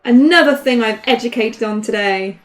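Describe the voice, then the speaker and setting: A woman's voice: a little high, moderate pace. A young woman doing casual, playful commentary on a card game, laughing often. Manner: giggly, playful banter.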